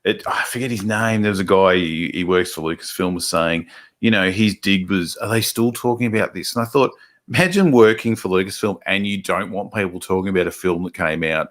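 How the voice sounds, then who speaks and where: A man's voice: sits low, brisk, fairly bright tone. A man with an Australian accent hosting a casual livestream, reading out viewer comments and rambling with plenty of swearing and restarts. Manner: rambling, swears freely, many restarts and fillers. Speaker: livestream host.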